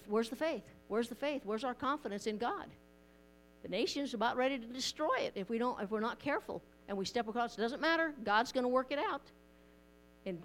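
A woman's voice: fairly high pitch, fairly bright tone, a little hiss or hum. A woman pastor, preaching a conversational sermon in church, often repeating and restarting words.

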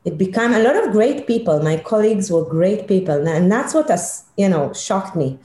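A middle-aged woman, a leadership consultant, telling a personal story in an interview, animated and emphatic. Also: mid-range voice, moderate pace. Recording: echoey room.

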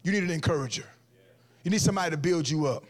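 A man, preaching an energetic, comic sermon as guest speaker at a church event. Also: fairly high pitch, rapid-fire. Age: 40s. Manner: animated, comic, acts out quotes in different voices. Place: church event hall before an audience.

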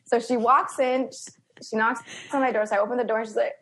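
A young woman joins a podcast as a guest and tells stories with animation. Her voice is fairly high, and she acts out the quoted lines. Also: steady tone, fast, fairly bright tone. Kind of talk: casual chat.

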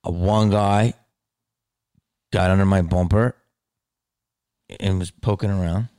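A man hosting his own podcast, rambling in a casual, profane monologue that swings from mumbles to loud outbursts. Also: low-pitched, steady tone, slow pace, smooth, no room sound, studio quality. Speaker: podcast host.

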